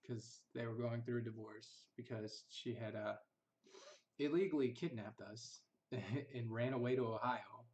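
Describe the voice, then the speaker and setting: Young male vlogger, casual storytelling, bitter and rambling, mid-pitched. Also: fairly even intonation, a little slow, a little mellow. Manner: bitter, rambling, quotes others in mocking voices. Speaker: vlogger recounting family history.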